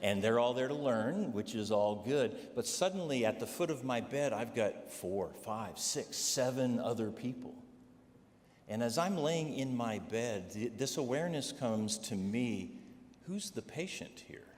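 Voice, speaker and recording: A man's voice: mid-range voice, lively intonation, measured pace, darkish tone. A man preaching a personal testimony, telling stories and checking in with the congregation with "all right?" asides. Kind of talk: sermon testimony. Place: church sanctuary. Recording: long hall reverb, faint noise.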